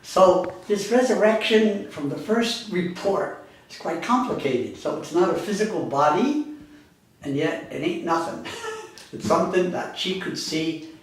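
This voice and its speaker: A man's voice: sits high, big pitch swings, a little slow. A man giving a university lecture in a rambling, conversational way, correcting himself often. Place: classroom. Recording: echoey classroom, speaker far from mic.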